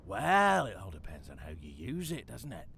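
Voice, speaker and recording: An actor voicing a dead older English gardener with a West Country accent, dry and darkly playful, in a video game. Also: male voice, on the low side, huge pitch swings, moderate pace, gravelly, a bit bright, husky, heavily acted. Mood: sly. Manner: wry, theatrical, darkly playful.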